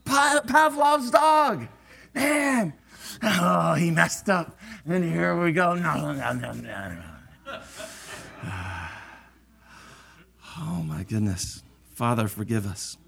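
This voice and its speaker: Male preacher, middle-aged, slow animated sermon delivery with a bright, forceful tone. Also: a little high, creaky. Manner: animated, acts out voices of churchgoers.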